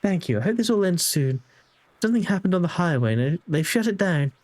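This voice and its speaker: A man puts on a young mother's voice for a game figure, pushed up high and light. She chats fondly over the radio and frets about trouble in town. The lines are read aloud straight from the game. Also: big pitch swings, brisk, darkish tone. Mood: chatty, worried. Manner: chatty, fretful, affectionate. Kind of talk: reading game dialogue aloud.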